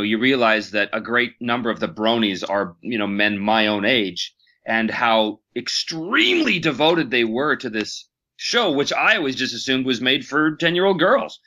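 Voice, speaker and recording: Bright-voiced man in a self-deprecating chat. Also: medium pitch, animated, moderate pace. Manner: self-deprecating, storytelling, laughs often. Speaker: voice actor guest. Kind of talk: casual interview talk.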